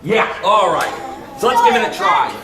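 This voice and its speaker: An extension educator performs a playful gardening routine for young children in a large indoor hall, teasing them and leading call-and-response. His high voice swoops wildly at a moderate pace, recorded from far off in an echoey hall with loud children and heavy background noise.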